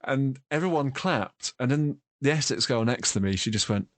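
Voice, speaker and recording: A man's voice: mid-range voice, lively intonation, normal speed, no room sound. A man with an English accent, hosting a casual chat and telling long rambling anecdotes with frequent laughs. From England. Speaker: podcast host.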